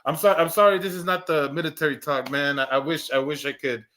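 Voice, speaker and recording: A man's voice: fairly high pitch, steady tone, fast talker, bright, forceful tone. A man in his thirties telling a long personal story in casual chat, full of restarts and repeated words, swearing now and then. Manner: acts out quoted lines in a raised voice. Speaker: podcast co-host.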